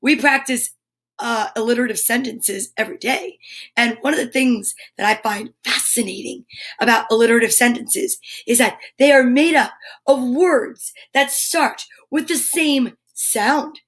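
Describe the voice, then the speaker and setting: A woman's voice: fairly high pitch, unhurried, a bit bright. An American woman hosting a live children's lesson show, bubbly and enthusiastic, greeting young viewers by name. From United States. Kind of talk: live-streamed kids' lesson.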